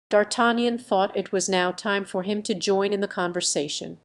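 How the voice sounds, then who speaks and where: A woman reading a classic adventure novel aloud as an audiobook narrator, in an even, measured way. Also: mid-range voice, a little hiss or hum.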